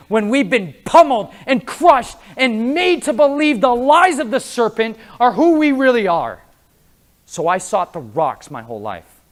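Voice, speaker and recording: A man preaches to a conference crowd with a lively, swooping pitch, jumping between quiet asides and loud, punchy lines. He tells stories and acts out the people he meets, laughing as he goes. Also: slow. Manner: animated, acts out voices of people at his table, laughs often. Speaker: conference speaker. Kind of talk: lively sermon with storytelling. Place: conference hall before an audience.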